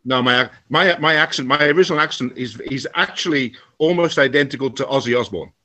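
A man's voice: mid-range voice, quick pace, pushed and bright. A middle-aged man from England chatting casually, hesitant and full of fillers. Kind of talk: casual chat.

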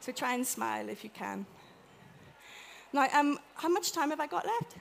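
A woman's voice: sits high, normal speed, vocal fry, slight background noise. Chatty Irish woman giving a talk. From Ireland. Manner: chatty, animated, acts out quotes. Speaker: conference speaker. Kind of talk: live presentation to an audience. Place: event room with an audience.

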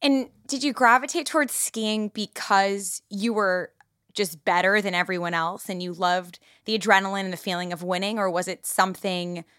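A woman's voice: medium pitch, steady tone, normal speed, fairly bright tone, smooth, no echo, clean studio sound. A woman hosting an interview, asking curious, engaged questions of her guest. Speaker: interviewer, host.

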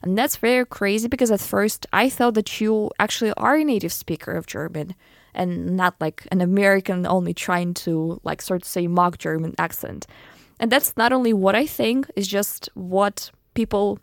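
A woman's voice: medium pitch, gravelly, no echo. Chatty woman radio host, dry sound. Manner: deliberate, chatty questioning with fillers. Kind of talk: radio interview questions.

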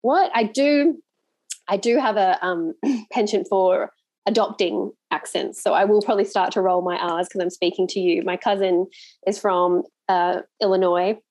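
An Australian woman hosting a podcast interview, chatting in an animated, laughing storytelling way. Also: on the low side, moderate pace, dry recording. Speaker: podcast host. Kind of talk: casual conversational interview.

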